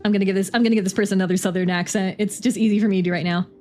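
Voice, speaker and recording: A woman streaming, making quick, offhand asides while reading aloud. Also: mid-range voice, steady tone, mellow, faint music behind.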